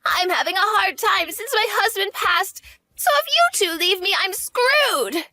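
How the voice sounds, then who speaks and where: A woman's voice: very high voice, animated, a little slow, bright, forceful tone, dry recording, heavily acted. A woman voicing a greedy, selfish older mother-in-law who talks in a demanding, whiny way. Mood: pleading.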